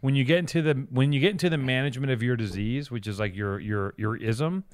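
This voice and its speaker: A man's voice: medium pitch, quick pace, smooth, no room sound. A man co-hosting a comedy podcast, rambling through tangents with lots of swearing and restarts. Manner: rambling, profane, jumps between tangents. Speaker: podcast co-host. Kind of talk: loose comedic banter.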